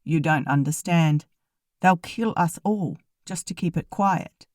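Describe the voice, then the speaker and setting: A woman's voice: deep voice, a little slow, a little mellow, no room sound, studio quality. A woman voicing a worried older male doctor. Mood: insistent.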